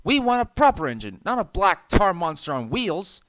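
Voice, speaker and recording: A man squeaking as mischievous freight trucks. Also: big pitch swings, normal speed, a bit bright, dry recording. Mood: jeering. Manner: squeaky, jeering.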